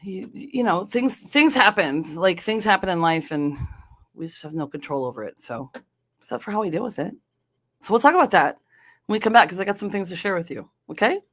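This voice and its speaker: A woman from North Dakota hosts her own podcast, chatting on her own. She rambles along casually, restarting sentences and filling pauses with ums and you-knows. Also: mid-range voice, animated. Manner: chatty, meandering, many fillers and restarts. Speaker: podcast host. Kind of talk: casual solo podcast chat.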